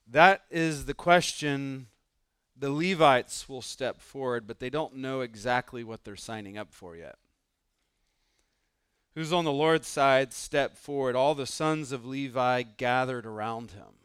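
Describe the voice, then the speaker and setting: Smooth, dry-voiced male preacher. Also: mid-range voice, fairly bright tone, no room sound. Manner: earnest, conversational, asks the listener questions; puts on voices for the people in the story. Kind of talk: sermon.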